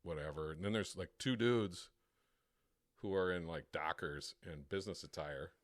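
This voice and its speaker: A man co-hosting a podcast, telling a crude, profane story with plenty of swearing and quick imitations of other people. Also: deep voice, no echo, studio quality. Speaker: podcast co-host. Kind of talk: casual storytelling chat.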